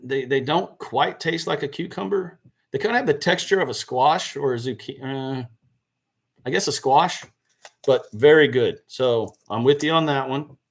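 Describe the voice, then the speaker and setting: A man chatting casually on a gardening live stream, answering viewer questions and correcting himself as he goes. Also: medium pitch. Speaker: gardening channel host. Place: indoors by a seed box.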